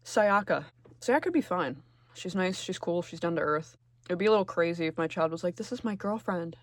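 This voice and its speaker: A man giving casual, sarcastic tier-list commentary, full of swearing, who jumps between loud outbursts and low muttering. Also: expressive, a little fast, no room sound. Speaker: video creator.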